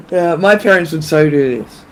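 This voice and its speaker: A woman co-hosting a casual chat, telling stories with animated delivery and frequent laughter. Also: on the low side, a little hiss or hum. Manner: animated storyteller, laughs often. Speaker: co-host.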